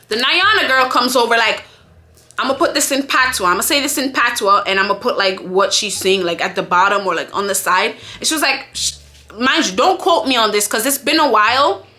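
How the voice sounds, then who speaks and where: A woman's voice: a little high, a little fast, bright, forceful tone. A woman from Jamaica telling a story time to her vlog, chatty, candid and profane. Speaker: vlogger.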